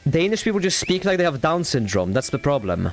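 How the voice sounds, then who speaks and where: A man's voice: on the high side, brisk, soft background music. A young man with a Norwegian accent streaming a game in casual, blunt and repetitive chat. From Norway. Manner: animated, repetitive, blunt and crude.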